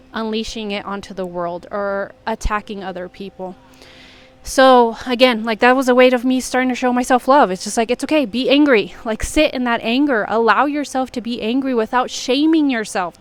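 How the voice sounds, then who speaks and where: Earnest young woman vlogging, smooth voice. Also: a little high, fairly bright tone. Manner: earnest, many "like" fillers. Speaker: self-help vlogger. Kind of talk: casual reflective monologue.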